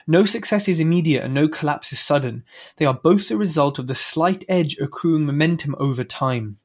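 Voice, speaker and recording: A man's voice: a little high, moderate pace. A man hosting a podcast, giving a casual, chatty solo book review with offhand swearing and self-mocking asides. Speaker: podcast host.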